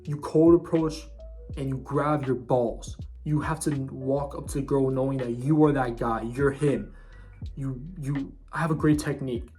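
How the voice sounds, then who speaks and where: A man's voice: mid-range voice, fairly even intonation, moderate pace, mellow, faint music behind. A young man giving casual self-improvement advice in a bro-ish, slangy way, often restarting his sentences. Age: young adult.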